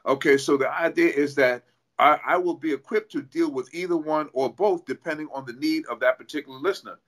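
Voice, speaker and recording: The man speaks with a New York accent in a slightly raised register. He lays out his points earnestly, one step at a time, often starting over mid-sentence. It is relaxed, conversational interview talk. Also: fairly high pitch, a little fast. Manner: earnest, explains step by step with restarts. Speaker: guest, fitness coach.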